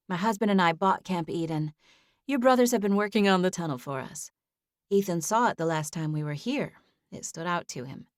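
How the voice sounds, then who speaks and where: A woman's voice: on the low side, no room sound, clean studio sound, lightly acted. A woman voicing a kind, flustered grandmother who fusses and talks on and on, in an audiobook.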